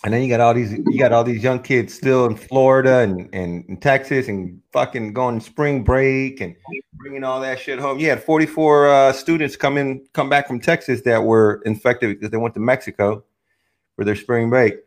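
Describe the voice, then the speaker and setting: A man hosting a podcast in casual chat, relaxed and profane, often restarting his sentences. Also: mid-range voice, normal speed. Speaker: podcast host.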